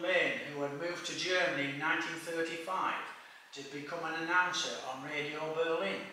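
A man's voice: fairly high pitch, pushed and bright, a little hiss or hum. A man giving a read-aloud history lecture, reading steadily from notes with small stumbles. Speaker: speaker giving a history talk. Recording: echoey room from a distance.

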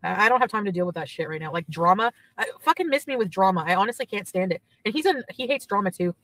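A woman's voice: medium pitch, expressive, quick pace, fairly bright tone, low-quality recording. A woman chatting casually on a livestream from her car, gossiping and reading out chat messages.

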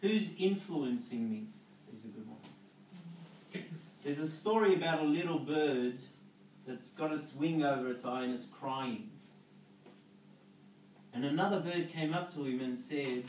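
This man speaks at a measured pace with long pauses, his voice on the high side yet darkish in tone. As a network marketing speaker giving a motivational business talk, he coaches the crowd and checks in with "okay?" and "yeah?". The recording is echoey and distant, with a little hiss or hum.

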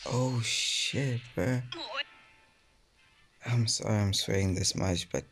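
Low gravelly young man ranting over a game. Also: slow, a bit bright, faint music behind. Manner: frustrated, swears a lot, drops to whispers. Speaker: mobile game YouTuber. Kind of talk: casual gaming vlog commentary.

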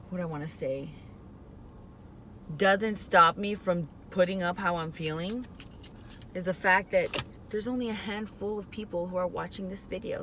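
A woman's voice: mid-range voice, a bit bright, slight background noise. A woman vlogging from a parked car. She is emotional and close to tears, and she talks hesitantly, rambling and trailing off. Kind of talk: casual confessional vlog. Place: parked car in a parking lot.

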